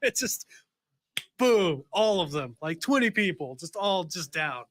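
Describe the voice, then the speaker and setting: A man co-hosting a radio show, telling an animated story in casual banter and laughing as he talks. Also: sits high, measured pace, faint music behind. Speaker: radio co-host.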